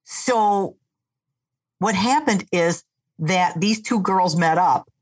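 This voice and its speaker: A woman's voice: on the low side, takes it slowly. A woman co-hosting a podcast, chatting casually and chiming in with short agreements and story details. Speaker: podcast co-host. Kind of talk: casual chat.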